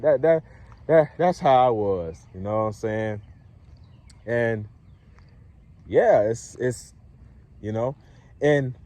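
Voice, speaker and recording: Speaking at a medium pitch, a male dating coach addresses the camera in an easygoing, casual way. He laughs lightly throughout and regularly checks in with whoever is listening.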